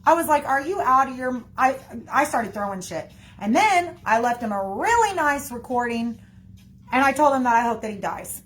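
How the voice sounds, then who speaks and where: A woman's voice: high voice, big pitch swings, normal speed, a bit bright. A woman in her thirties speaking emotionally in a casual livestream, often calling her viewers y'all.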